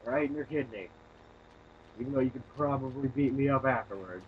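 A man's voice: mid-range voice, brisk, narrow, tinny audio, background noise. A young man co-hosting a casual let's play, crude and teasing, joking as he plays. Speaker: gaming co-host.

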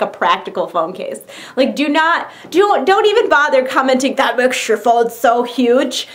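Bubbly young woman vlogger, slightly high voice, gushing casual show-and-tell. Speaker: YouTuber.

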